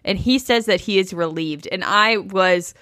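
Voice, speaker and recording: A woman's voice: mid-range voice, measured pace, a bit bright, no echo, clean studio sound. A woman co-hosting a podcast, chatting casually and bluntly about a reality show and swearing freely. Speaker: podcast co-host. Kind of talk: casual recap chat.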